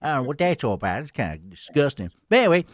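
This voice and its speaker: A man's voice: fairly high pitch, very animated, rapid-fire, no echo, clean studio sound. A man putting on a folksy, rambling old-timey Southern announcer who introduces the podcast with a drawl. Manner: drawling, hokey, rambling, addresses "boys and girls". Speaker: show introducer.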